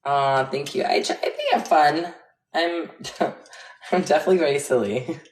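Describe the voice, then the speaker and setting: A woman's voice: deep voice, moderate pace. A chatty, giggly woman in her twenties from Florida with a general American accent, livestreaming casually to viewers from home with playful swearing. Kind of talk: casual chat with live viewers. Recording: echoey room with loud noise.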